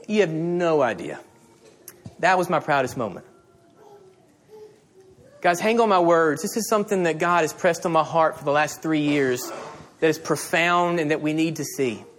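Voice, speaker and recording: A middle-aged man preaching a sermon as a pastor, animated and telling stories with quoted dialogue. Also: fairly high pitch, moderate pace, pauses often.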